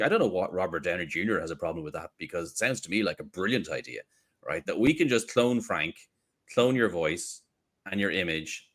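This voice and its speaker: A man with a fairly low voice co-hosts a podcast in loose, casual chat. He is animated and playful, jokes freely, and laughs often as he talks. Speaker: podcast co-host.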